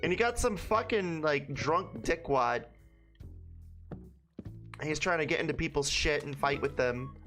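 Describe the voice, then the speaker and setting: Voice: mid-range voice, animated, a little slow, pauses often, fairly bright tone, soft background music. A young adult streamer from Brooklyn, New York, telling rambling, profane stories to chat in a casual way. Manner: profane, rambling anecdotes with frequent restarts.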